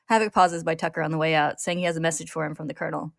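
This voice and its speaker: A woman host narrating a story recap in a steady, clear manner. Her voice sits on the lower side for a woman. The recording is dry and close, with no room echo. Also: racing. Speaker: podcast host retelling an anime episode.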